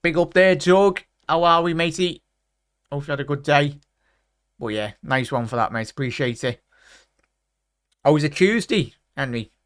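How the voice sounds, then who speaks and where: A man's voice: on the high side, moderate pace, long pauses, no echo, studio quality. A man hosting a football watchalong livestream, chatting casually and greeting viewers by name with "big up" and "mate". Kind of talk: casual live chat reading comments.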